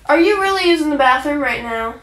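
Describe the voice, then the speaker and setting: A woman's voice: high-pitched, animated, a little fast, fairly bright tone. A young woman chatting casually on a phone livestream, rambling with lots of likes and ums and casual swearing.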